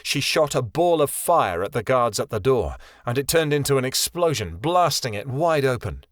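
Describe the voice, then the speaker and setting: Male fantasy narrator, steady and even, mid pitch, dry booth sound. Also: normal speed, no room sound. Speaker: audiobook narrator. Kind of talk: scripted narration.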